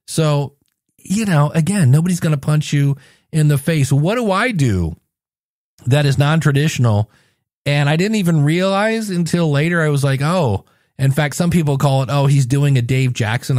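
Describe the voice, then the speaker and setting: A man's voice: fairly high pitch, darkish tone, dry recording, studio quality. A man hosting his own podcast, chatty and jokey, acting out little scenes as he talks. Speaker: podcast host. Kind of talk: solo podcast talk.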